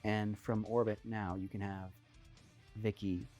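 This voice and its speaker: A man's voice: on the low side, level tone, a little slow, dark tone, soft background music, close to an everyday voice. A man voicing a cold scheming villainess. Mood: menacing.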